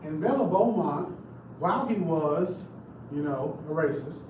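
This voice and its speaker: A man's voice: on the high side, animated, unhurried. A man giving a casual live history talk, chatty and jokey, speaking straight to his audience. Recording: echoey room, distant mic, background noise.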